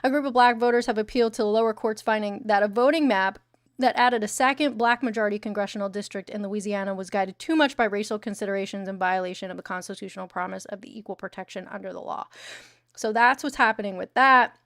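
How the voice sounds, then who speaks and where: A woman's voice: mid-range voice, fast talker, fairly bright tone, no room sound, clean studio sound. A young adult woman hosting a casual news commentary livestream, blunt and sarcastic, swearing freely. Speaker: livestream host.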